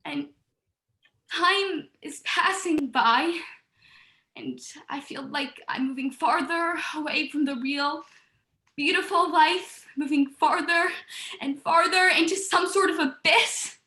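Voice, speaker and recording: A young actress as an anguished young woman, bright and high. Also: slow, roomy sound, full character voice. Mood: despairing. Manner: anguished, repeating words in distress. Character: despairing young woman, weary of her life. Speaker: student actor. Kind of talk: stage drama monologue.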